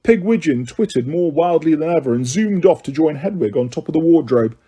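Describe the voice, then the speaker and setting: A man reading an audiobook in a steady storytelling voice. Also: fairly high pitch, brisk, slightly rough. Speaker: audiobook narrator. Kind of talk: audiobook narration.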